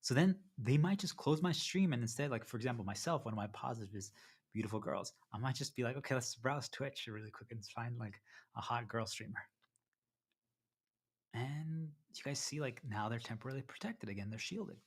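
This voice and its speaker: Husky-voiced man streaming a rambling talk. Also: mid-range voice, a little fast. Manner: repetitive, self-interrupting, addresses viewers as "you guys"; eating while talking at times. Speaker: live streamer. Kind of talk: rambling livestream monologue to chat.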